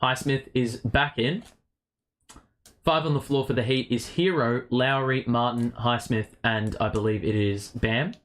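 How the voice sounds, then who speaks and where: A man's voice: mid-range voice, unhurried. A man hosting a fan watchalong, calling the game play by play, partisan and swearing freely. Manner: partisan, swears, rises to shouts on big plays. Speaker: host of a fan watchalong stream.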